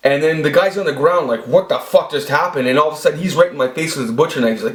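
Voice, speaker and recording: Here a forties-aged vlogger talks fast with hardly any pauses, his pitch on the high side. He points his own camera at himself in an echoey room and spins rambling, profane stories about his past.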